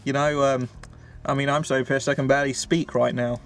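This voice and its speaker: A man from England co-hosting a casual reaction show, rambling and joking and quick to laugh. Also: mid-range voice, level tone, faint music behind. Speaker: co-host of a reaction channel. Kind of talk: casual chat.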